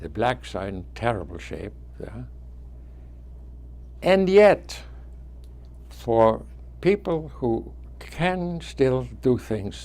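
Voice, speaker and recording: Slow, gravelly old man with foreign accent. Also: medium pitch, a little mellow. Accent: foreign accent, origin not named. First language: not English. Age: 90s. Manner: halting, with restarts. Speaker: guest speaker. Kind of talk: telling life memories to students.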